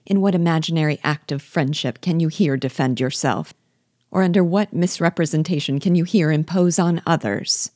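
A spirited, indignant young woman speaks with force, voiced by a woman reading aloud. Her voice is low and warm, and the recording is close and dry. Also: moderate pace, dry recording. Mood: accusing.

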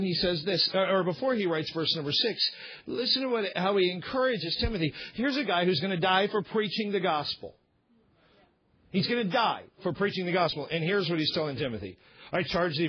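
A man's voice: on the high side, husky, lo-fi sound. A man pastor delivering an emphatic, repetitive sermon.

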